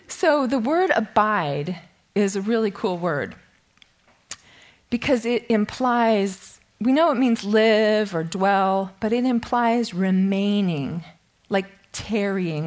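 A woman's voice: medium pitch, slow pace. A middle-aged woman giving a casual, self-deprecating Bible study talk, laughing often and a bit shaky with nerves. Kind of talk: informal teaching talk.

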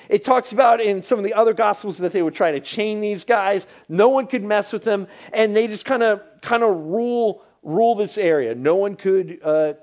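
A man delivers a conversational sermon in a fairly high voice. He speaks in a casual, animated way and sometimes drops to a hushed near-whisper. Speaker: pastor.

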